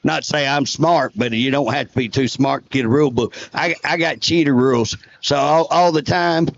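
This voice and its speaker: A man's voice: mid-range voice, normal speed, vocal fry, muffled recording, a little hiss or hum. A man, a state representative telling folksy stories in a casual interview and chuckling often.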